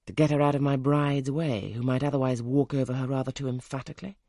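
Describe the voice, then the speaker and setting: A man reading as a gruff, teasing gentleman. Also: medium pitch, steady tone, fast talker, no echo, clean studio sound, close to an everyday voice. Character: brusque, teasing wealthy older gentleman. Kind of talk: audiobook character reading.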